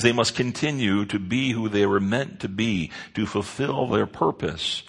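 A man's voice: on the low side, lively intonation, moderate pace, gravelly, few pauses, husky. A man preaching a sermon in an earnest way, stressing key words with rises and drops. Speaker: pastor.

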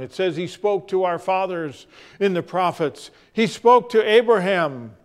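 A man preaching a sermon as pastor, telling stories with deliberate, dramatic pauses. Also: sits high, lively intonation.

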